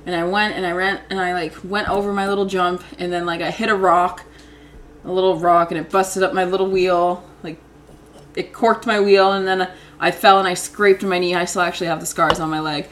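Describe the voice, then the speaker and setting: A woman's voice: lowish voice, flat delivery, normal speed, a bit bright, a little hiss or hum. A young woman telling childhood stories in casual chat, rambling and giggling, with lots of "like".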